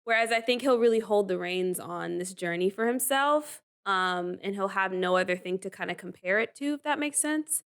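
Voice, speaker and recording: A chatty woman co-host riffing casually on a dating show. She is animated, breaks into laughter often, and fills her talk with "like" and "um". Her voice sits in a middle pitch, neither high nor low. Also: normal speed, few pauses, clear, resonant tone. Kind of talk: casual reality-TV reaction chat.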